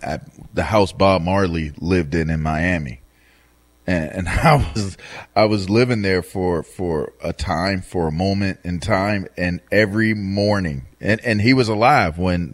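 A man co-hosting, telling stories in a laid-back, drawn-out way. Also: sits low. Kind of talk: casual chat.

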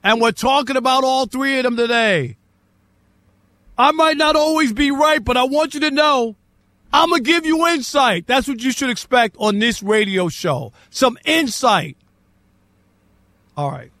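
A man's voice: very high voice, animated, unhurried, pushed and bright, no room sound. A man hosting a sports talk radio show, brash and emphatic as he boasts about his predictions.

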